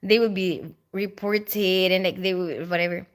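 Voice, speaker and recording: A woman with a lowish, steady voice and measured pace hosts a casual live stream from home. She reads viewer chat and rambles along with lots of laughter and filler words.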